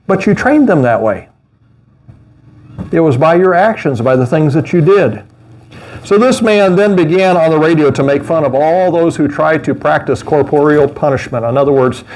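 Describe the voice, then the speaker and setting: High-voiced animated preaching man. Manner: animated preaching with mocking asides and laughs. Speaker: pastor. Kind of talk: sermon.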